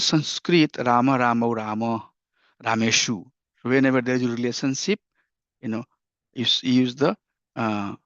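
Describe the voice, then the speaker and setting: A man's voice: mid-range voice, creaky, no echo, dull audio. A man teaching a scripture class, explaining step by step and checking in with "right?" and "you know".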